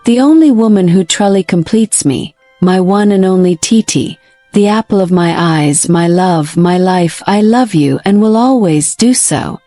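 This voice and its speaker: A woman voicing a calm, tender husband who is a doctor. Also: mid-range voice, unhurried, no room sound, soft background music, lightly acted.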